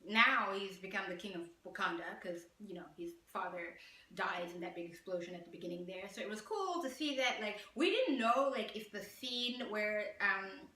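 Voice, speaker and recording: Casting: woman from southern Africa, chatty frank reviewer, bright tone, echoey room. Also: medium pitch, moderate pace, distant mic, a little hiss or hum. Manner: chatty, frank, with many "like" and "um" fillers. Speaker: film reviewer. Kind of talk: casual spoken film review.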